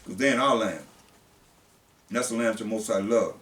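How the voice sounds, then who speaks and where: A male preacher, who reads scripture slowly and then explains it in blunt everyday speech. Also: fairly low pitch, fairly bright tone. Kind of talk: sermon. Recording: roomy, distant mic.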